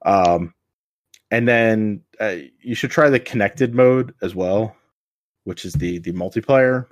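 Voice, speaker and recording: A man with a very deep voice talks through a game in a relaxed, rambling way. He leans on fillers and restarts as he explains, and the sound is dry with no room around it. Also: slow pace, no echo. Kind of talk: casual chat about video games.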